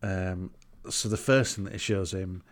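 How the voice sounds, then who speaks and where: A man's voice: low voice, fairly even intonation, unhurried. Wry man recapping a film. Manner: wry, meandering recap with fillers and laughs. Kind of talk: casual comedic chat.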